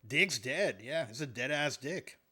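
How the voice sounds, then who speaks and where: A man's voice: mid-range voice, lively intonation, unhurried. A man giving live gameplay commentary as a streamer, joking and chatting with his viewers while he plays.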